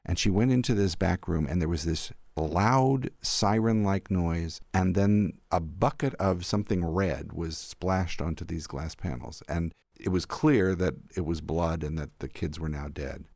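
An older man, an arts critic, recalling theater memories in a thoughtful, animated interview. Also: deep voice, a little slow, gravelly, hardly any pauses, no room sound. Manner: thoughtful, warmly animated storyteller. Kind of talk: reflective storytelling in an interview.

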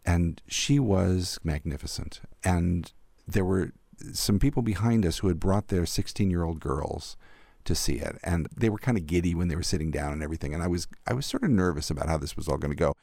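Older guy critic, really low gravelly voice, reminiscing thoughtfully about theater. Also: a little fast, no room sound. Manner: thoughtful, warmly animated storyteller. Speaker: arts critic, interview guest. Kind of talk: reflective storytelling in an interview.

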